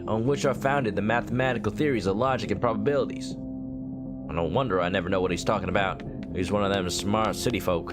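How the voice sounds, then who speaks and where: A male game streamer reading game text aloud and joking, slipping into a mock southern drawl. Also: on the low side.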